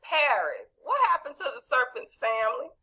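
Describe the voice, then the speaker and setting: A woman's voice: sits high, big pitch swings, moderate pace, pushed and bright, husky, rough recording. A woman teaching over a video call, reviewing a quiz and calling on students by name in an encouraging way. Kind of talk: online class quiz review.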